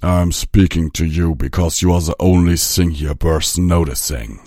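A man's voice: low voice, moderate pace, dark tone, dry recording, clean studio sound. A man voicing an ancient, cold, godlike male being with an imperious manner.

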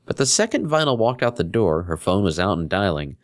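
A man narrating a fan fiction story in an expressive reading. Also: deep voice, fairly quick.

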